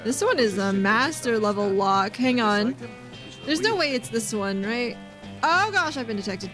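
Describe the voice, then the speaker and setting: Young woman, high voice, game streamer; giggly, rambling chatter with her chat, faint music behind. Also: lively intonation, unhurried, fairly bright tone. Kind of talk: live gameplay stream chat.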